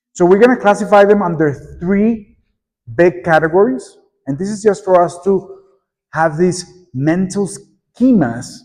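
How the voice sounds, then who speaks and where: A middle-aged man leads a workshop for teachers, lively and prompting the audience to repeat and join in. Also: on the high side. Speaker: teacher trainer. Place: conference room at a teachers' meeting. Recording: echoey conference hall.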